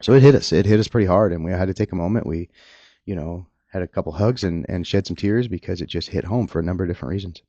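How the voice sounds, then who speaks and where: A middle-aged man, a police officer, talking earnestly and emotionally about the job, halting and restarting at times. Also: sits low, warm tone, no room sound, lo-fi sound. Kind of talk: candid personal talk.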